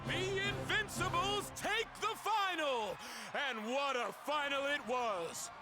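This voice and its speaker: A man voicing a loud male arena announcer in a video game, calling out the results in a shouted, showy way. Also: extremely high pitch, slow, loud music behind the voice, pitched above the performer's own voice. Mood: hyped.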